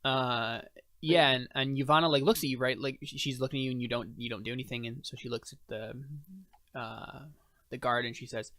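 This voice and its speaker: Game master: a man, casual and halting, dry close sound. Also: medium pitch, fairly even intonation, fairly bright tone, dry recording. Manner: casual, hesitant with many fillers. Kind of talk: narrating a tabletop game.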